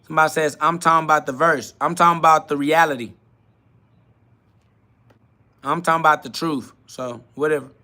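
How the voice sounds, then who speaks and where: A man's voice: a little high, fairly even intonation, fast, bright, forceful tone. A man hosting a live solo podcast, reading chat questions aloud and answering them bluntly, mocking the askers and laughing often. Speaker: podcast host.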